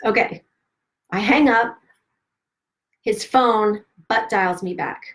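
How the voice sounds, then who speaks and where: A middle-aged woman hosting a live stream, candidly telling a painful personal story with emphatic, swearing, animated delivery and quoted dialogue. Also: mid-range voice, slow. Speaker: host of a self-help live stream.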